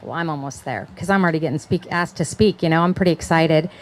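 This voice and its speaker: A woman's voice: deep voice, fast talker. Chatty woman preaching at a conference. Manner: chatty, checks in with the crowd, laughs often. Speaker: conference speaker. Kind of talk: conversational sermon.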